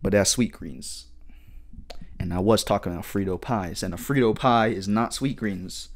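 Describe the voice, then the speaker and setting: A man in his twenties hosting a solo comedic podcast, rambling and swearing with heavy slang and animated outbursts. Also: fairly low pitch, normal speed. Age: 20s. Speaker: podcast host.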